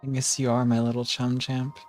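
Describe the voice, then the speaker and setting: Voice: medium pitch, little pitch movement, moderate pace, darkish tone, soft background music. A co-streamer chatting casually on a livestream, giggly and self-mocking.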